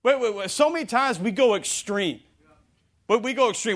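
A male preacher with a high voice gives a lively sermon. He stumbles over his words and restarts them, then acts out the people he quotes. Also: moderate pace.

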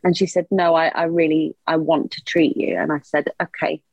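A woman's voice: sits low, steady tone, moderate pace, a little mellow, no echo, lo-fi sound. A woman, a mother, telling a personal story as a podcast guest, earnest and open with a light laugh at times. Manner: earnest, open and emotional, laughs a little through hard memories.

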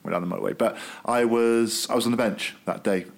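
A man's voice: lowish voice, steady tone, a little fast, creaky. A man, a former rugby player, telling jokey stories in a casual podcast chat. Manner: storytelling, joking, laughs at own jokes.

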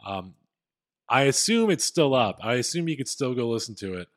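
A man's voice: medium pitch, big pitch swings, moderate pace. A man co-hosting a casual podcast, retelling a story with plenty of fillers. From Philadelphia area. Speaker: podcast co-host.

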